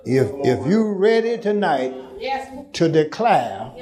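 A high-pitched man delivers a sermon in a large church hall. He builds to shouted lines and draws calls back from the congregation, whose noise fills the background. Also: very animated, slow pace, over a noisy crowd. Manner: call-and-response, rising to shouts. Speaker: preacher.

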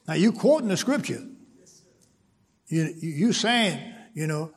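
Preacher, male, slow deliberate delivery, high husky voice, church reverb. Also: animated. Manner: repeats words, builds to emphatic preaching. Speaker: pastor. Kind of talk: sermon.

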